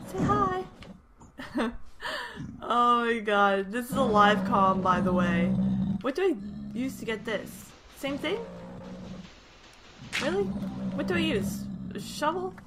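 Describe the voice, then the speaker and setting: A young woman giving live commentary on her gameplay, jumpy and exclaiming often as she talks to her viewers, over loud game music. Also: a little high. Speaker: gaming YouTuber.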